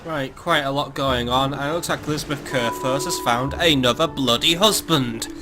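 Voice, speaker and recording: A man's voice: mid-range voice, moderate pace, over loud music. A man giving casual, sardonic gameplay commentary as a let's play host, swearing freely and thinking aloud.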